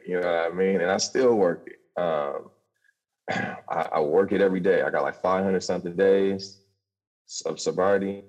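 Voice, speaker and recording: A deep-voiced young man with a husky edge tells his story in a loose, profane rush. He stumbles through quick restarts and keeps the talk raw and candid. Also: fairly even intonation, darkish tone, lo-fi sound. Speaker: podcast guest telling his recovery story.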